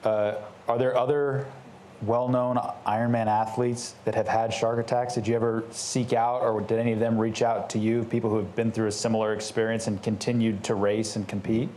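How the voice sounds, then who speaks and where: Flat-voiced man asking questions. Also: on the low side, a little fast, a little hiss or hum. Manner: asks long, searching questions. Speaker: podcast host. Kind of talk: interview questions.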